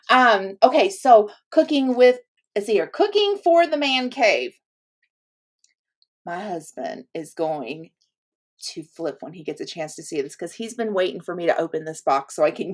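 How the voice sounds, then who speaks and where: A woman in the middle of her range, chatting casually at home as she unboxes gifts for her viewers. She gushes freely, gasping and laughing between exclamations. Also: medium pitch. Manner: chatty and gushing, with gasps, laughs and "oh my gosh". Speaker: channel host.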